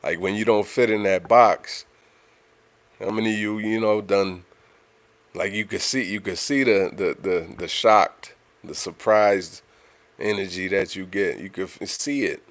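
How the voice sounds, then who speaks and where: Deep voiced guy, chatting loose on his livestream, dry sound, lots of you know what im sayin. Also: measured pace, fairly bright tone, no room sound. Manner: conversational, repeats himself, frequent "you know what I'm saying". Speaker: livestream host. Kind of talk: casual livestream talk.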